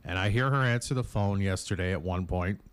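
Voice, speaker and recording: A man hosting a morning radio show, telling stories in a casual, animated way and slipping into put-on voices. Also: low-pitched, brisk, clear, resonant tone, no echo. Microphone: studio microphone.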